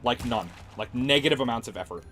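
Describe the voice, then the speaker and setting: A man's voice: mid-range voice, lively intonation, quick pace, fairly bright tone. A man streaming games, chatting casually and ranting sarcastically with plenty of swearing. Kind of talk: casual livestream chat.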